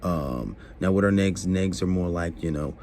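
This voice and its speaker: A man's voice: sits low, normal speed, a little mellow, slight background noise. A man giving casual dating advice to camera, rambling with many fillers and acting out both sides of conversations.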